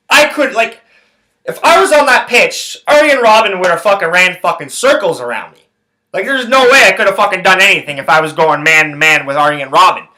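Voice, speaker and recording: Pissed off guy ranting on his sports podcast, swears nonstop, kinda high bright edgy voice. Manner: angry, heavy swearing, repeats phrases. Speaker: podcast host. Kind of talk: profane sports rant.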